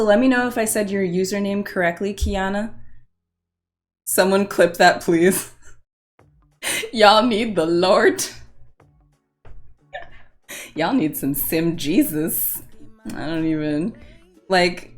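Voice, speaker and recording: A woman streaming live, chatting casually with her viewers, reading their messages aloud and often breaking into laughter. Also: mid-range voice. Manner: playful, giggly, reads chat aloud. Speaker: Twitch streamer.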